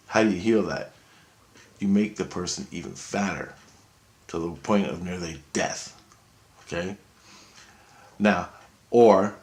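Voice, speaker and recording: A man in a rambling, profane monologue, telling his story excitedly. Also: low-pitched.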